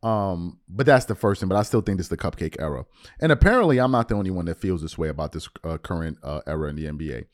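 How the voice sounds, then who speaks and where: A man hosting a sports podcast, talking casually and emphatically in slang, often repeating words. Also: low-pitched. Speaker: podcast host. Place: lives abroad, recording at home.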